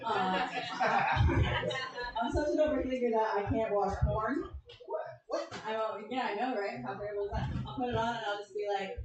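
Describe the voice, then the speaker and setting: A woman performing a deadpan, self-deprecating stand-up set on a comedy club stage, asking the crowd questions between jokes. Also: on the high side, measured pace. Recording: echoey club room from far off, crowd laughter. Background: audience laughing.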